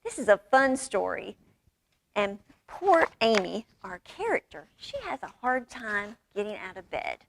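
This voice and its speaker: A woman reading a children's picture book aloud at a library storytime, lively and expressive with character voices. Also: medium pitch, unhurried, vocal fry, noisy background. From United States.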